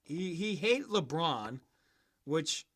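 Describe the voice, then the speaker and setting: A sports podcast host who talks high in his range. His tone is bright and cutting, and he goes off on profane, mocking tangents in casual chat. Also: big pitch swings, slow.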